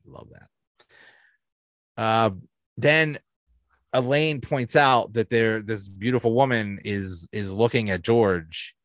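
A man's voice: lowish voice, slow, long pauses, no room sound. Man gushing over sitcom episodes, dry mic. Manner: enthusiastic, rambling, frequent restarts and laughs. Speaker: podcast host. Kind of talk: casual episode review.

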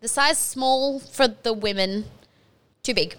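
A woman's voice: fairly high pitch, slow pace, fairly bright tone, clear, resonant tone. A young woman, co-hosting a podcast in casual chat, candid and swearing freely. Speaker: podcast co-host.

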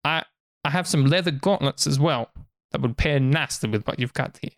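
A man doing a pushy market clothier with a slightly raised voice, haggling and flattering his customers. He talks in smooth sales patter, and the sound is dry and close. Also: on the high side, fairly quick, no echo, pitched above the performer's own voice, lightly acted. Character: eager male clothing merchant at a market.

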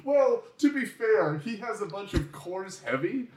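A man co-hosting a loose movie chat, animated and quick with his asides. His voice sits a little high and lands a touch distant from the mic. The room around him sounds echoey. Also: a little hiss or hum. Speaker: podcast co-host. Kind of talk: casual chat about a movie.

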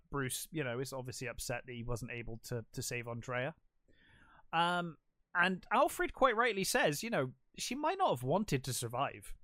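A young man chatting casually about a film on a podcast, excitedly walking through the plot and filling gaps with "um" and "uh." His voice sits slightly high, and it is recorded close and dry with no room sound. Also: dry recording. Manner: enthusiastic, retells plot with many fillers. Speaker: podcast co-host. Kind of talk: casual film review chat.

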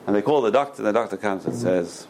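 A middle-aged man teaching a Torah lecture as a rabbi, an animated storyteller who repeats words for emphasis and drops in Hebrew terms. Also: fairly low pitch, quick pace, a little hiss or hum. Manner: peppers speech with Hebrew terms.

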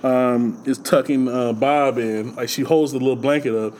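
A man chatting casually about a film, animated and acting out lines with big jumps in his voice. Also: mid-range voice, normal speed, a little hiss or hum, rough recording. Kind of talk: casual movie chat.

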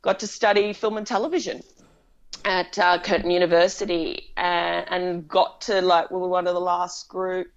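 A woman's voice: fairly low pitch, level tone, moderate pace, highs cut off. A woman film director, chatting animatedly in an interview and telling stories with laughs. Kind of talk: casual interview conversation.

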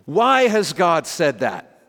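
Male pastor mid-sermon, slightly raised pitch, swings between emphatic and hushed prayer, church hall echo. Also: wildly swooping pitch, takes it slowly. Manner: dynamic preaching, drops to soft prayerful tones for quoted prayers.

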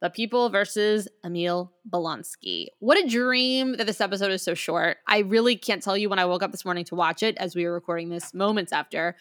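Woman co-host, mid-pitched, eager, rambling opinions in relaxed chat. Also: brisk, hardly any pauses. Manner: enthusiastic, talks in long run-on thoughts. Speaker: podcast co-host. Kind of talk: casual chat.

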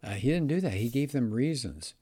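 A man's voice: mid-range voice, lively intonation, a little fast, warm tone, husky, dry recording. A man hosting a casual talk about an apologetics book, speaking conversationally with frequent fillers. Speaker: host reviewing an apologetics book.

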